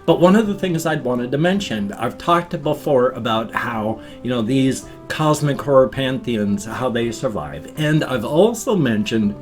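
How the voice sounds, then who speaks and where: A man's voice: mid-range voice, animated, measured pace, hardly any pauses. An older man talking in a folksy, chatty way as a vlogger, rambling through a casual daily vlog. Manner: folksy, chatty, says thumbs up often. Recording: faint guitar music behind.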